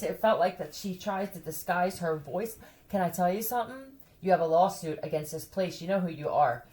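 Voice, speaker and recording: A woman hosts a casual chat for her viewers, her voice sitting on the low side. She talks bluntly, swears freely and laughs often. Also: a little mellow. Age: adult who has a son.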